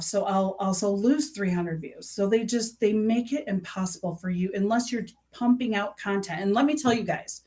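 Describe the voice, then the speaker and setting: A woman's voice: mid-range voice, darkish tone. Rambling middle-aged woman vlogger. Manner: rambling, with many fillers and restarts; earnest and aggrieved. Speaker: true crime YouTuber. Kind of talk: casual talk to camera.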